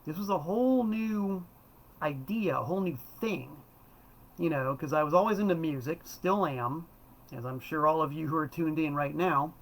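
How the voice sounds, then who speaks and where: A man's voice: on the high side, normal speed, poor audio. A man in his fifties from South Florida, hosting a casual, rambling monologue about records and correcting himself as he goes. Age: 50s. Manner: rambling and enthusiastic, self-correcting. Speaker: host.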